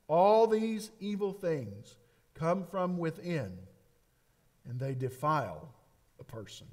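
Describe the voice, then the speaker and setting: A man preaching a sermon, emphatic and repetitive, with dramatic pauses. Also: high voice, lively intonation. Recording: long hall reverb.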